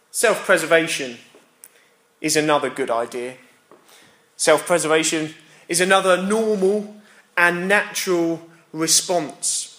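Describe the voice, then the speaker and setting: A man preaching an Easter sermon as pastor, earnest and repetitive, dropping quiet for emphasis. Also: fairly high pitch, measured pace, long pauses, echoey room.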